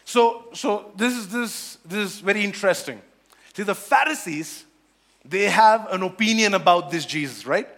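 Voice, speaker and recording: A man preaching a sermon on scripture, animated, repeating phrases and acting out the quoted voices. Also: high-pitched, normal speed.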